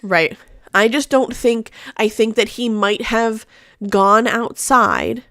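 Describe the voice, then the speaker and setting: A woman's voice: fairly high pitch, takes it slowly, a bit bright, no room sound. A woman hosting a casual live chat, rambling along with many fillers and restarts. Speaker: host; mother.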